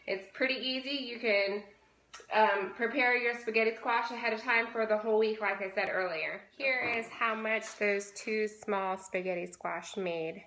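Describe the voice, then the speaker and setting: Bright-voiced woman demoing a recipe. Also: mid-range voice, moderate pace, echoey room, low-quality recording. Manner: chatty, instructive, frequent "okay?" check-ins. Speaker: fitness challenge host. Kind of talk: casual cooking demonstration.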